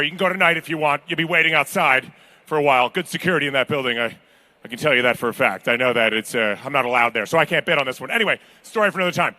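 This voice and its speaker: A man's voice: high-pitched, bright, forceful tone. A man calling bids at a live charity auction, joking with the crowd. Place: large banquet hall at a gala.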